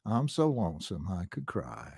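An older singer-songwriter reminiscing about his early days, reflective and halting, often restarting his sentences. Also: low-pitched, big pitch swings, gravelly. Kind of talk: reminiscing storytelling.

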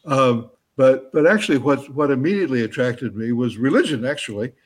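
A middle-aged man with a husky, slightly breathy voice answers an interviewer's questions. He talks in halting bursts, full of restarts and fillers, and keeps chuckling between his words. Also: mid-range voice. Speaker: author and guest.

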